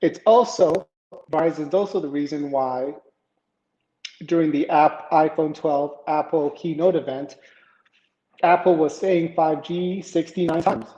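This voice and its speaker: A man's voice: a little high, steady tone, unhurried, dark tone. A man hosting a live tech show, casually chatting with viewers and reading news stories in a rambling way. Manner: rambling, chatty, greets viewers in chat, many fillers. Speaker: livestream tech show host. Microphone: home setup, iPad camera and PC. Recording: echoey room, dull lo-fi sound.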